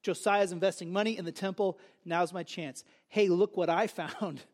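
A man preacher putting on the voice of an ancient high priest, speaking in a sly, conspiratorial way. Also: fairly even intonation, moderate pace, darkish tone, lightly acted.

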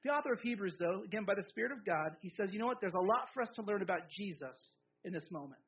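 A man preaching a sermon in a lively, conversational way, with jokes and asides to the congregation. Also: sits high, quick pace, dull audio. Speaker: pastor.

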